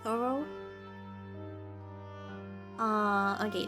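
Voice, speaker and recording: Woman streamer, chatty, giggly, fairly high voice, desk mic, music in background. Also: unhurried. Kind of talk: casual gameplay chat.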